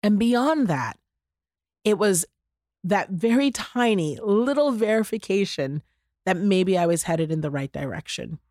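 A woman hosting a casual podcast chat, telling a story in an animated way and using lots of "y'all" and "like". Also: medium pitch, unhurried, no echo. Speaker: podcast host.

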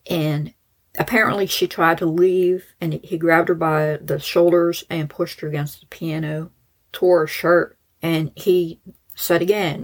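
A woman's voice: low-pitched, moderate pace, slightly rough, rough recording. A woman hosting a true crime podcast, telling the story in a casual, chatty way with lots of fillers and side remarks. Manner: chatty and informal, many "like" fillers and asides.

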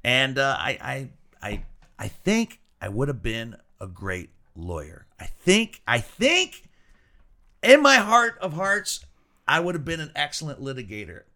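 Male podcast host, bright forceful tone, playful showman energy in casual chat. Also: mid-range voice, unhurried. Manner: lively, playful showman's delivery. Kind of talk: casual chat over whiskey.

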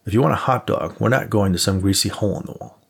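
A man voicing a stern, gravelly investigator. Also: lowish voice, quick pace. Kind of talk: audiobook character voice.

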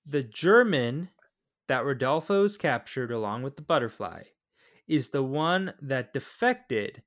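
A man's voice: mid-range voice, animated, takes it slowly, fairly bright tone. A man co-hosting a podcast, casually recapping a film and checking plot points aloud. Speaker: podcast co-host. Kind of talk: casual film review chat.

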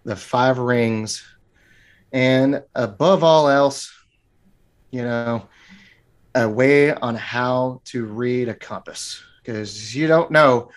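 A man's voice: medium pitch, extremely slow. A man who teaches martial arts, talking as a podcast guest in a loose, joking, rambling way with many restarts. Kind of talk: casual interview talk.

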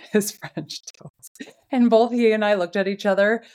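A middle-aged woman, a podcast host, chatting casually and telling a funny home story with animated laughter. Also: mid-range voice, takes it slowly.

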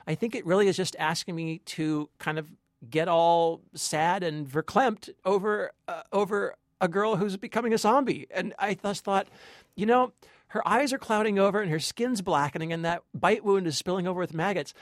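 A man's voice: high-pitched, moderate pace, dry recording. Man, co-host, sardonic, emphatic, film review chat, dry studio sound.

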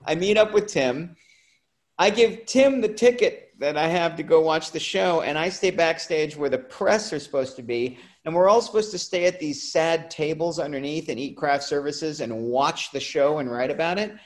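Guy co-hosting a chat, kinda high voice, tells stories with lots of energy. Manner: animated anecdote telling, quick asides. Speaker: podcast co-host. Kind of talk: casual chat, storytelling.

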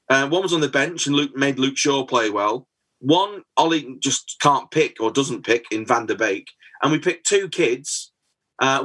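A man's voice: on the high side, fairly bright tone. A man in his forties co-hosting a football podcast, telling stories and acting out dialogue. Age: 40s. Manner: anecdotal, acts out dialogue. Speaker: podcast co-host. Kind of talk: casual chat, football talk.

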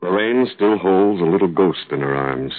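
A man's voice: low-pitched, expressive, moderate pace. An actor playing a grieving young husband in a 1950s radio drama, earnest and tender as he pleads with his wife. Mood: somber. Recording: tinny old radio broadcast.

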